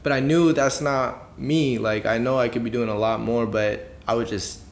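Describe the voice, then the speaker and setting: A man's voice: medium pitch, fairly even intonation, moderate pace. Laid-back young man telling a story. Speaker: podcast co-host. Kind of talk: casual chat.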